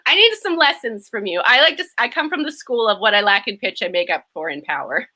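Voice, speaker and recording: A woman's voice: fairly high pitch, fast talker. A Canadian woman with a Canadian accent, chatting casually and animatedly on a live show. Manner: chatty, animated, laughs often. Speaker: tribute performer. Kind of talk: casual chat. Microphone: home setup.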